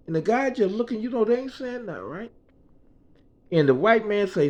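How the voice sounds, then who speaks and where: A man's voice: high-pitched, moderate pace, pauses often. A man casually telling a story, swearing freely and checking in with "right?". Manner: profane, animated, laughing and asking "right?".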